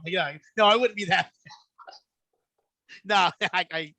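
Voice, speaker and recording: A man's voice: high-pitched, a little slow, pauses often, no echo. A man in a casual podcast chat, telling stories with lots of energy, acting out the people he quotes and swearing freely. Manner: animated storyteller, acts out quoted voices, swears freely. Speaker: podcast guest.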